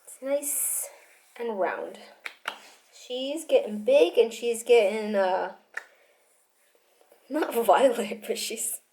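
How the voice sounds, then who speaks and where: A woman's voice: on the high side, lively intonation, takes it slowly, pauses often, dark tone, a little hiss or hum. A pregnant young woman talking in a casual video diary, rambling with restarts and laughter into a camera mic. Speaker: vlogger.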